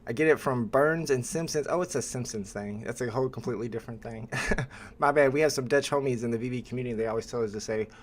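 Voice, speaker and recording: A man hosting a live stream, chatting casually with viewers and pausing often with "uh" as he talks. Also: medium pitch. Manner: relaxed, chatty, with frequent "uh" pauses.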